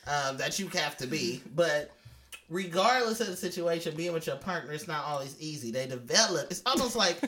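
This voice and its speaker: Young man, podcast co-host, bright voice, casual slangy talk, joking then earnest. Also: fairly high pitch, lively intonation, moderate pace.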